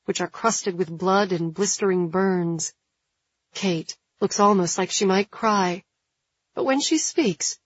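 Husky woman narrating a storybook. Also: medium pitch, no echo. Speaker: audiobook narrator. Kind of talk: scripted narration. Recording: dull, dry studio sound.

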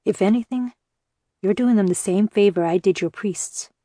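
A woman reading the lines of a grim, pragmatic male captor who talks in a steady, matter-of-fact way. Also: mid-range voice, normal speed, no echo, lightly acted. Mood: cold.

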